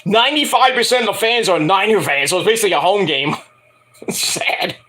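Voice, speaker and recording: A man casually ranting through a wrestling show review, animated and profane. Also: sits high, fast. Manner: animated, profane, jumps into mocking impressions.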